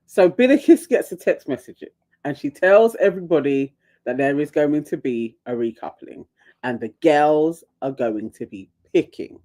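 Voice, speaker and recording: Woman co-host, lively storyteller, pitch all over the place. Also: normal speed. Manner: animated storyteller, laughs often. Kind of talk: casual recap chat.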